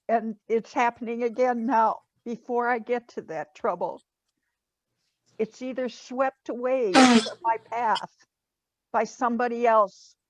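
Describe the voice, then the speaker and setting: A tearful older woman, fairly high-voiced, talks slowly and emphatically about prayer at a memorial. Her voice comes dry and muffled over a video call. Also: no room sound. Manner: earnest, slow and emphatic, religious. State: tearful, crying. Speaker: bereaved family member speaking at a memorial. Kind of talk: heartfelt memorial remarks.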